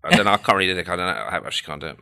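A man in casual chat, quick and offhand, with joking asides. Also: low voice, gravelly, pushed and bright, smooth.

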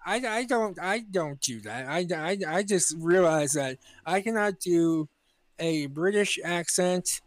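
An American man co-hosting a podcast, talking in halting casual chat with restarts and swearing. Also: sits high, expressive, no room sound. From United States. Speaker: podcast co-host.

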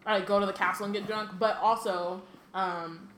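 A woman podcast co-host who reads quickly from a novel and then chats casually, tripping over words and fixing them as she goes. Her voice carries the ring of an echoey room, with a faint hum of ambient noise underneath. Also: mid-range voice, fairly even intonation, fairly bright tone. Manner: quick reading with frequent self-corrections and fillers. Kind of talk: reading a novel aloud and casual chat.

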